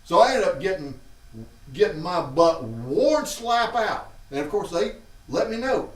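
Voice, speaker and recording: A man's voice: high-pitched, big pitch swings, measured pace, distant mic. A man with a Southern Alabama accent hosts a show and casually tells childhood stories to a live chat. He acts out what his family members said. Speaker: host. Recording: roomy, off-mic sound.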